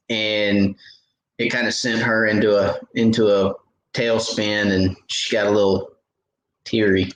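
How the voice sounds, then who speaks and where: A man's voice: on the low side, a bit bright. Folksy man in an echoey room. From Knoxville, Tennessee. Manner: folksy, reads viewer comments aloud. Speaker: fishing livestream host. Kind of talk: casual livestream chat.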